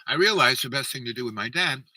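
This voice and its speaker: A man's voice: medium pitch, animated, fast talker, bright, forceful tone, no echo, distant mic, low-quality recording. A man telling a long personal story in a meandering, self-interrupting way and acting out the people he quotes. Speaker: channel host.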